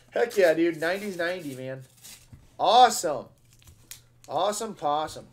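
An excitable man with a voice on the high side hosts a live coin-hunting stream at normal speed. He chats with viewers casually and in slang, letting out loud cheers between laid-back remarks.

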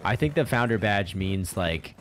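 A man's voice: on the low side, animated, normal speed, fairly bright tone, a little hiss or hum. A man streaming a game, chatting casually and rambling with lots of swearing and laughter. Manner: rambling, profane, laughs often. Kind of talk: casual gameplay commentary.

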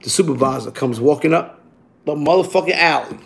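A man's voice: on the high side, brisk, vocal fry, a bit bright. A man telling a profane, streetwise story from his workday, acting out the other people and the sound effects himself. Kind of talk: casual spoken storytelling.

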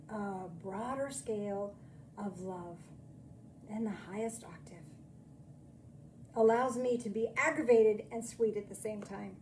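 A woman minister giving a chatty, self-deprecating sermon, then leading a slow, soothing guided meditation. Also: a little high, background noise.

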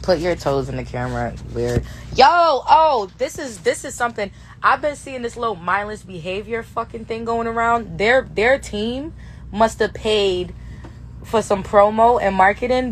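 Hoarse young woman on a phone live from a tour bus, brash, cussing and laughing a lot. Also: medium pitch, a little hiss or hum. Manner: brash, profane, laughing often. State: hoarse, lost her voice. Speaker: livestream host. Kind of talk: casual live Q&A chat. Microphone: phone held for a social-media live stream.

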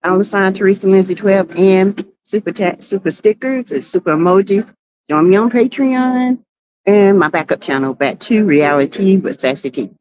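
A woman's voice: mid-range voice, darkish tone, lo-fi sound. A woman with a Southern US accent hosting a casual livestream, greeting viewers by name in a sassy way. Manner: sassy, greets chat by name, drawn-out exclamations. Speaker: livestream host.

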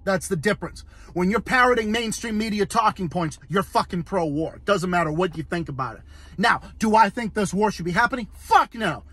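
A man's voice: high-pitched, lively intonation, fairly quick, sharp tone, slightly rough, no echo. A man hosting his own political commentary show, ranting in a heated, profane way and repeating himself as he talks. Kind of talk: angry solo political rant.

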